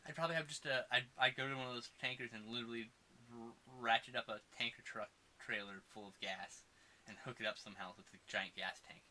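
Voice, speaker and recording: Bright, excitable man reviewing a movie. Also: mid-range voice, fast talker. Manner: excitable, swearing, laughs often. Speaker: podcast co-host. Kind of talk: casual movie review chat.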